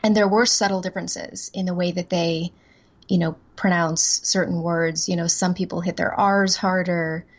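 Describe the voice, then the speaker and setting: Woman guest, low-pitched, rambling and self-deprecating, laughs easily in casual chat. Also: fairly even intonation, moderate pace. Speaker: voice-over actress guest.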